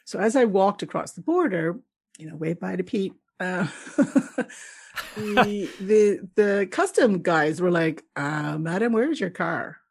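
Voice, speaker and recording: A middle-aged woman from Canada, a guest telling travel stories in a casual interview, lively and laughing often as she acts out the people she met. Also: medium pitch, a little slow, gravelly, slightly rough.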